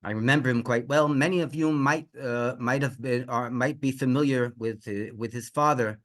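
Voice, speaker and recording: A man's voice: medium pitch, fairly even intonation, moderate pace, fairly bright tone. A middle-aged man, a rabbi, telling a religious story with lots of restarts, fillers and rhetorical questions.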